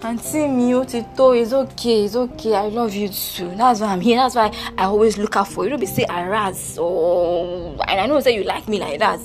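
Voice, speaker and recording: A woman's voice: mid-range voice, over music, pitched below the performer's own voice, close to an everyday voice. A woman doing a cheeky Nigerian younger sister. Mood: consoling playful. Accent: Nigerian Pidgin. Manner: brisk, teasing, mixes Pidgin and Yoruba. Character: cheeky, blunt younger sister, consoling and teasing. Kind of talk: homemade audio drama.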